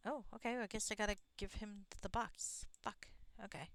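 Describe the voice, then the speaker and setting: A woman's voice: medium pitch, steady tone, a little fast, low-quality recording. A woman streamer giving casual, chatty gameplay commentary with swearing and laughing asides.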